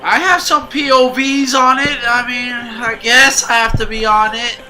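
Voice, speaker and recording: A man's voice: extremely high pitch, steady tone, measured pace, pushed and bright, faint music behind, poor audio. An American man co-hosting a podcast, bantering in a jokey, playful, boastful way. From United States. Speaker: podcast co-host.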